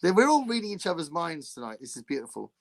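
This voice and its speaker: A man's voice: a little high, fast talker. A man from England, hosting a casual podcast chat over a video call, laughing often and restarting his sentences. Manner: laughs often, chatty and animated with frequent restarts. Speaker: podcast host.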